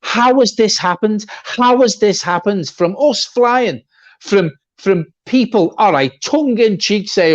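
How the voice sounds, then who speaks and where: A man's voice: sits high, a little slow. A man co-hosting a fan channel, giving a blunt, swearing, repetitive rant in a football reaction chat. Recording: dull lo-fi sound.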